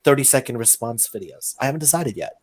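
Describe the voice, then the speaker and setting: A man's voice: mid-range voice, lively intonation, fast. A man with a mid-range voice chats casually as a guest who makes online videos. He thinks aloud, hesitating as he weighs his words. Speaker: guest content creator. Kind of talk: casual chat.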